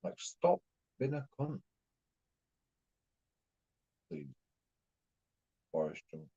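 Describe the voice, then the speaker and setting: A man's voice: medium pitch, very animated, very slow, creaky, dark tone, husky. A man from England, ranting in a rambling, repetitive way and swearing constantly. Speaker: streamer. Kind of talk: profane ranting monologue. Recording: dull lo-fi recording.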